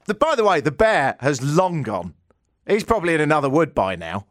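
A man's voice: fairly high pitch, sing-song, fairly quick, a bit bright, no room sound, studio quality. A man with an English accent hosting a radio show, telling a rambling, self-mocking story in a casual, joking way. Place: radio studio.

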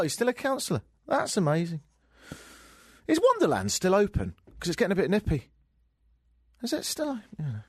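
A man's voice: high-pitched, wildly swooping pitch, a little fast, long pauses, husky, no room sound, studio quality. A man with an English accent hosting a talk radio show, riffing on the news in a sarcastic, joking way. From England. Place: radio studio. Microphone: studio microphone.

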